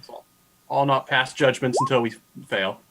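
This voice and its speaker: A man's voice: mid-range voice, normal speed, background noise. A man playing a tabletop role-playing game, who talks hesitantly and jokes about himself. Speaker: player.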